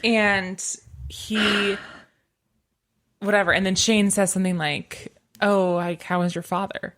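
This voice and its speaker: A woman's voice: medium pitch, fairly even intonation, slow pace, fairly bright tone. A woman co-hosting a podcast, casually recapping a TV episode and acting out the characters' lines. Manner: retells scenes, acting out lines in quotes. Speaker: podcast co-host.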